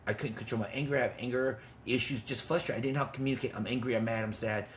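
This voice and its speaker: A man's voice: medium pitch, steady tone, racing, a little hiss or hum. A man in his fifties telling a personal story with intensity and blunt, swearing talk, as a men's ministry leader. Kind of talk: testimony in conversation.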